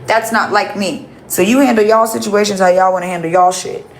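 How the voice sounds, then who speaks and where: A woman's voice: mid-range voice, steady tone, fairly quick, echoey room, slight background noise, rough recording. A woman livestreaming, ranting at her chat in a profane, confrontational way and repeating herself. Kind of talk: heated live-stream rant to chat.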